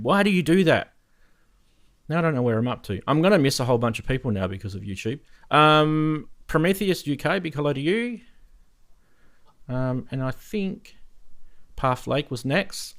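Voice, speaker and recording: Chatty male live-stream host. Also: medium pitch. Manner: chatty and jokey, laughs often, with fillers. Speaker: host of a live synthesizer show. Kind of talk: casual live-stream chat, greeting viewers.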